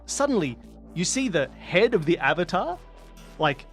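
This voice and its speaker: Lively, animated male game master. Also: high-pitched, moderate pace, soft background music. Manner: lively, descriptive, playful. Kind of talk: narrating a mystery game.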